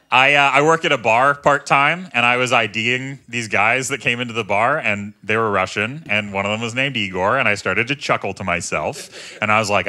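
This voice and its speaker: A man, doing a stand-up comedy set on a club stage with self-mocking, animated delivery. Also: on the low side. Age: 30s.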